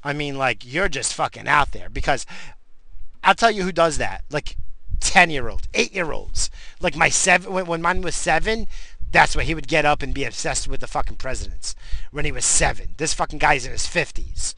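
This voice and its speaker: A man's voice: fairly high pitch, lively intonation, normal speed, sharp tone, low-quality recording. A man hosting a podcast, ranting in an angry, profane and exasperated way. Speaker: podcast host.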